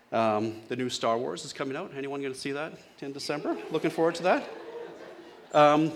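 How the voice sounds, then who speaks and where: A man's voice: medium pitch, slight background noise. Male pastor with a mid-range voice, chatty sermon style, keeps questioning his listeners. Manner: conversational, asks the congregation questions.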